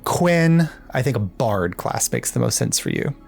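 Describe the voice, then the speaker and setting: Game master, casual planning talk, halting delivery, middle pitch. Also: huge pitch swings, vocal fry, a little mellow, soft background music. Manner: halting, with many fillers and restarts.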